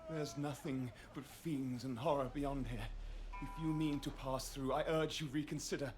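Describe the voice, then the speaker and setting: A man's voice: medium pitch, fairly even intonation, moderate pace, over music, lightly acted. A man voicing a devout, weary survivor in a video game, speaking in an earnest, warning manner.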